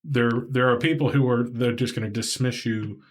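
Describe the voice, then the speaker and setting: A man's voice: mid-range voice, moderate pace. A man with a Southern US accent hosting a podcast, chatting casually and rambling as he acts out what people said. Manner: rambling, animated, acts out quoted voices. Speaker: podcast host. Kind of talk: casual interview chat.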